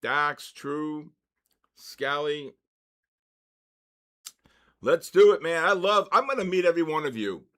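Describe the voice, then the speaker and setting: Older man hosting a lively trading stream. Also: on the high side. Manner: upbeat, greets viewers by name in quick bursts. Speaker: host of a live trading session. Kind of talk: casual live-stream chat.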